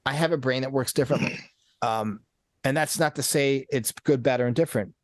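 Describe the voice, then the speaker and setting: A man's voice: medium pitch, brisk, no echo, studio quality. A man guesting on a podcast as a coach, talking earnestly in a rambling, casual way with many restarts and repeated words. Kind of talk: casual conversational interview.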